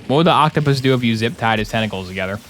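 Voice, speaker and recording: A man's voice: medium pitch, lively intonation, very fast, fairly bright tone, a little hiss or hum. A young man joking and rambling through casual commentary while streaming a game. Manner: joking, rambling, playful asides.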